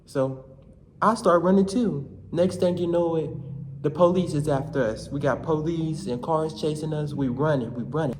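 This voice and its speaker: A man's voice: fairly high pitch, unhurried, noisy background. Slangy young man telling a story. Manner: animated, slangy, shouts in quoted lines. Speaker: vlogger. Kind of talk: comedic storytelling vlog.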